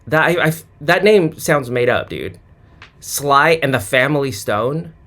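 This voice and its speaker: A man in a casual comedic monologue, reading off names with deadpan, mock-clueless sarcastic asides and humming snatches of songs. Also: mid-range voice, measured pace. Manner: hums and sings snatches of songs. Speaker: sports commentary vlogger.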